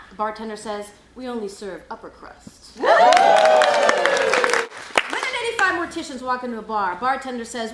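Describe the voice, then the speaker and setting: A woman improviser telling quick bar jokes on a live stage with lively delivery. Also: fairly high pitch. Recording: echoey hall, loud crowd and noise.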